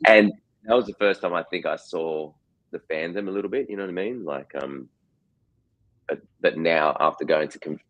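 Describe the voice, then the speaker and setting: A man's voice: low voice, moderate pace, a bit bright, lo-fi sound. An Australian man in his forties, a guest actor chatting in an interview, rambling with lots of restarts and repeated words. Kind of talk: casual interview chat.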